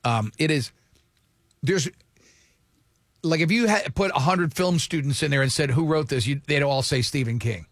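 A man in his forties hosting a morning radio show, rambling and excitable in casual banter. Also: a little high, moderate pace, long pauses, dry recording, studio quality.

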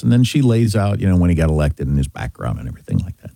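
A man's voice: deep voice, wildly swooping pitch, very fast, vocal fry, few pauses, warm tone, dry recording. A middle-aged man from Kansas hosting a talk show, telling a story in casual chat with emphatic restarts. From Kansas, USA.

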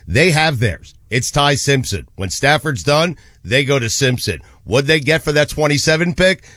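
A man's voice: a little high, lively intonation, normal speed, bright, forceful tone, dry recording, clean studio sound. A man hosting a sports radio show in a casual talk, drawling and dropping fillers as he goes.

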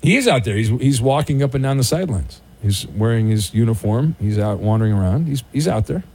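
A man's voice: medium pitch, animated, fairly quick, a little mellow, slightly rough. A man hosting a sports call-in radio show, bantering sarcastically with callers and stumbling over restarts. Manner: sarcastic, teasing, stammering restarts. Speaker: sports talk radio host.

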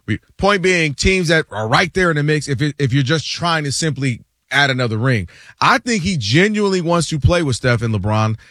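A man co-hosting a sports radio show, arguing basketball in an animated, interjecting way. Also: on the high side, brisk, dry recording, studio quality. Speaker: co-host.

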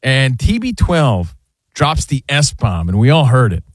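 A man's voice: medium pitch, very animated, a little slow, no echo, studio quality. A man hosting a sports radio show, talking casually and rambling with fillers. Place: radio studio.

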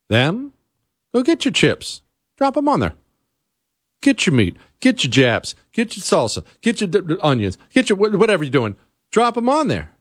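A man hosting a talk show, ranting comically in an animated, exasperated way, jumping high and then dropping low. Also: dry recording, clean studio sound. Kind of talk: comedic rant on a talk show.

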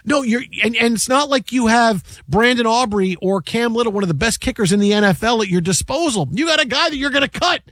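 A man hosting a sports radio show, telling a story with lively, animated energy and acting out the people in it. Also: very high-pitched, fairly quick, few pauses, no room sound, studio quality. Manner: animated storyteller, acts out shouting fans. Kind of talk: casual sports radio chat. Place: radio studio. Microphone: studio microphone.

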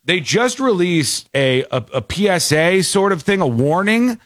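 Animated, rambling talk show host man. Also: sits high, dry recording, studio quality. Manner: animated, rambling storyteller with quick asides. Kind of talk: casual talk show chat.

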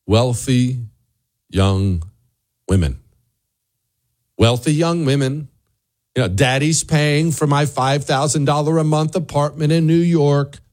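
A man's voice: on the low side, darkish tone. A man hosting a talk show, delivering a sarcastic, ranting commentary monologue that drifts into asides. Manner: wanders off on asides.

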